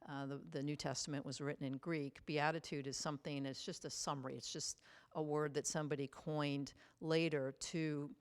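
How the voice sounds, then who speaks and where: A woman teaches a Bible study in an easygoing, conversational manner. Her voice sits low, and she often pauses on fillers and restarts her sentences as she explains. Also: flat delivery. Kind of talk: casual Bible study talk.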